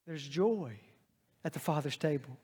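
A man preaching a sermon dynamically, swinging between loud emphatic lines and hushed ones. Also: a little high, lively intonation, measured pace, husky. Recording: long reverb of a large hall.

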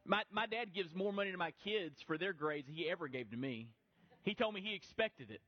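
A man's voice: high voice, lively intonation, fairly quick, dull audio. A middle-aged male pastor preaching a sermon in a conversational, easygoing way, often restarting his phrases.

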